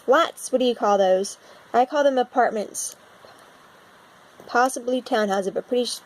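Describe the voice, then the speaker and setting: Speaking in a slightly high voice with a dark tone, a young American woman thinks aloud while browsing a map for a casual vlog. She records on a phone propped against her laptop, and the quality is low.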